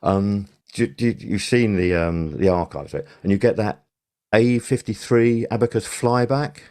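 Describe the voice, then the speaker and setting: A man's voice: on the low side, measured pace, darkish tone. An older man, a former sound supervisor, telling long rambling anecdotes in a casual podcast interview, full of fillers and restarts.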